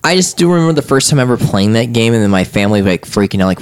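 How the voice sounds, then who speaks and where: A man's voice: racing, clean tone. A young man co-hosting a podcast, chatting casually and jokingly about video games. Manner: animated, jokey, swoops up and down in pitch. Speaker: podcast co-host.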